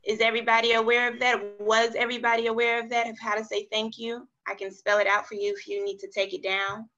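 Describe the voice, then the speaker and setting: Bright-voiced woman leading a lesson. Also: fairly high pitch, little pitch movement, quick pace, highs cut off. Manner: encouraging, spells words letter by letter. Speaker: study group facilitator. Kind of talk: online group language lesson. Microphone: video call.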